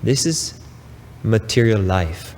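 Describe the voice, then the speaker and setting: Slow, emphatic male spiritual teacher. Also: on the low side, expressive, a little mellow, in a large hall, a little hiss or hum. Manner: slow, emphatic preaching with long pauses and asides. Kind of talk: recorded spiritual talk.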